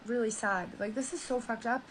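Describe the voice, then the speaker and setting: A woman's voice: fairly high pitch, steady tone, brisk, a little hiss or hum. A woman in casual livestream chat, reading a story summary aloud and swearing freely as she retells it.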